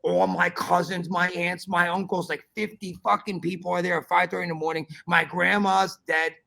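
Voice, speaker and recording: A man hosting a podcast, telling a story in animated casual chat, swearing often and calling his listener bro. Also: sits high, normal speed, gravelly. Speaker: podcast host.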